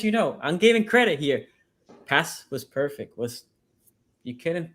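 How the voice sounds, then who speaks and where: A man on a sports podcast debating his team's game, stressing points by repeating them. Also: on the high side. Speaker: sports podcast panelist, team fan.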